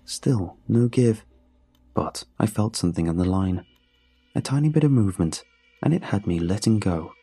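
Male narrator, measured delivery, dark and husky low voice. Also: expressive, soft background music. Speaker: storyteller. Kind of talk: first-person story narration.

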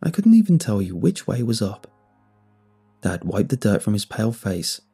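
Give me a low-pitched man telling a first-person horror story, tense and measured, with faint music behind. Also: sing-song, vocal fry, mellow, slightly rough.

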